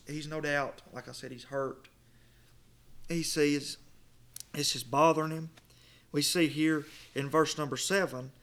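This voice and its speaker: A middle-aged preacher with a high, bright voice delivers a sermon. He swells into loud stressed phrases, then drops to a low murmur, and he reads old scripture wording slowly and weightily. His voice has a clear, bright edge.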